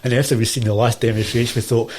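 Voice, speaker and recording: A middle-aged Glaswegian man spins a long, rambling anecdote in a relaxed interview. He keeps circling back with restarts and acts out what everyone said, all at an ordinary middle pitch. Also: racing, a little hiss or hum. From Scotland. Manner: rambling, animated storytelling with many restarts and quoted dialogue. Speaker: guest, martial arts teacher. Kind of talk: casual storytelling.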